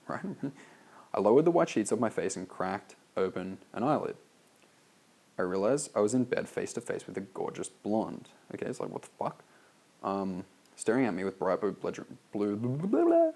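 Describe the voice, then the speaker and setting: An Australian man with a low, gravelly voice reads through his sales copy and picks it apart as he goes. His delivery is loose and offhand, peppered with "like" and the odd swear word. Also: big pitch swings, normal speed, a little mellow. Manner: loose and casual, heavy on "like", swears freely. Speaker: copywriter reviewing a sales letter. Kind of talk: reading aloud and critiquing his own copy.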